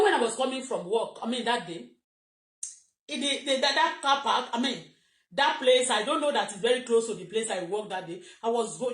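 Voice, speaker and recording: Nigerian woman live-streaming from an echoey room, higher voice, rambling and agitated. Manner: rambling, repetitive, agitated, switching into Yoruba at times. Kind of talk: emotional live-stream monologue. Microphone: phone.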